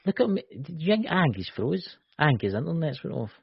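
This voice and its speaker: Gravelly Scottish man joking around. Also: a little high, very animated, fast talker, dry recording. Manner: joking, teasing, lots of "you know". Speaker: co-host. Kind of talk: casual live-stream chat. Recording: dull lo-fi call audio.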